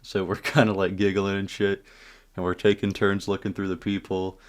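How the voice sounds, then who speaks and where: A man casually telling a story time tale, profane and animated, with asides to his viewers. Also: low voice, moderate pace.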